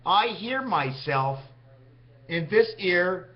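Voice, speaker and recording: A man vlogging a rambling monologue, jumping from topic to topic with big swings in pitch. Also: expressive, extremely slow, muffled recording.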